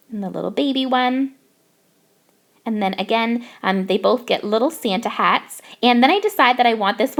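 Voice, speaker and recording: A young woman from Canada narrating her craft process in a bubbly, gushing way. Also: on the high side. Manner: bubbly, gushing over cute details. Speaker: craft YouTuber.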